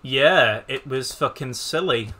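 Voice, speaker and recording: A man with a very bright, sharp voice co-hosts a gaming podcast. He chats loosely and swears when things go wrong. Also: medium pitch, fairly quick. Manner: sweary, exclamatory. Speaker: podcast co-host. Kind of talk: casual chat while gaming.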